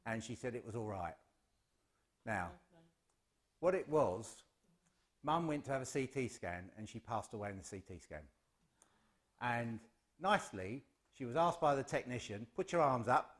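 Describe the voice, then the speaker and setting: A man's voice: mid-range voice, animated, unhurried, pauses often. An English man giving a chatty, self-deprecating, humorous address at a spiritualist service. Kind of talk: informal humorous address to a congregation.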